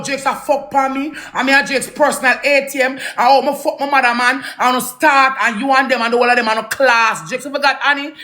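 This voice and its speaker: Jamaican woman, heated rant, cusses and repeats, bright forceful tone. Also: on the high side. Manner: angry, swearing, repeats herself. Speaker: social media personality.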